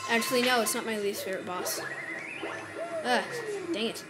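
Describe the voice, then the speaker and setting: A woman giving casual commentary over a video game, chatty and quick to exclaim and groan in frustration. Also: a little high, low-quality recording. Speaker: let's play gamer. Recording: game music playing behind.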